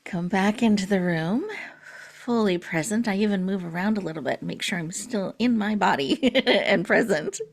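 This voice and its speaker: A woman hosting an online summit, guiding a breathing meditation in a soothing, slow manner that often drops to a near-whisper. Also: mid-range voice, gravelly. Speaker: summit host.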